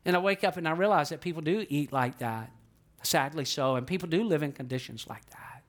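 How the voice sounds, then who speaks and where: A man's voice: a little high, fairly quick. A male pastor preaching a sermon in a conversational way, repeating phrases for emphasis and asking the congregation questions. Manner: sings snippets of old hymns.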